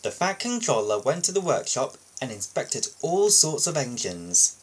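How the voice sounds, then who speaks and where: A man reading a children's storybook aloud as a video host, steady with small slips and restarts. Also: mid-range voice, moderate pace, husky.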